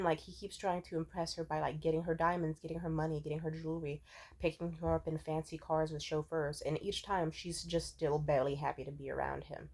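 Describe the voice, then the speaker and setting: A young woman giving casual commentary on fictional characters, blunt and profane in how she tells it. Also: lowish voice. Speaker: video essayist.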